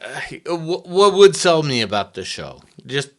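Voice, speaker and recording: Lively slow-talking man. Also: fairly high pitch. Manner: jokey, laughs often, drifts into mock bits. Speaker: podcast co-host. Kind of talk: casual chat.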